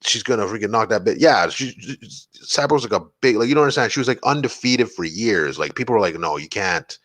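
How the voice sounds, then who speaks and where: Low-voiced, rambling podcast host. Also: male voice, lively intonation, brisk, fairly bright tone, no echo. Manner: rambling, profane, lots of fillers like "like" and "man". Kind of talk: casual solo podcast chat.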